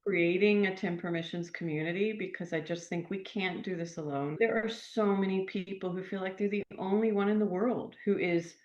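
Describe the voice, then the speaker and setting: A woman's voice: mid-range voice, fairly even intonation, normal speed, few pauses. An older woman author, a podcast guest, talking about her work in an earnest, reflective way. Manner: reflective, earnest, warm enthusiasm. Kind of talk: podcast interview. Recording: echoey, dull remote audio.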